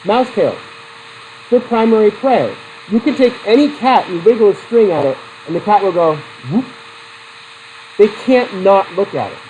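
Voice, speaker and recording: Animated male psychology teacher lecturing. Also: high voice, moderate pace, a little hiss or hum, poor audio. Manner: animated, talks to students with questions and anecdotes. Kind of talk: classroom lecture.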